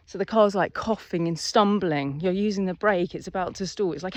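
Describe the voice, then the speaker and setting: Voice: medium pitch, moderate pace, dry recording, dull audio. Chatty driving instructor, dry sound. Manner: chatty, animated, acts out little scenes. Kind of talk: casual driving lesson talk.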